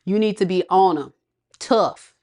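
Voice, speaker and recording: A woman's voice: mid-range voice, a little slow, darkish tone. A woman giving a casual tarot reading, chatty and slangy, laughing often and talking straight to her viewers. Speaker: tarot reader.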